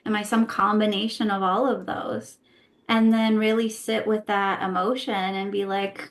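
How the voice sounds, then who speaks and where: Speaking at a normal speed in a mid-range, fairly bright voice with fairly even intonation, a woman guest explains her views on a casual podcast. A former therapist, she poses rhetorical questions to herself and often says "right?".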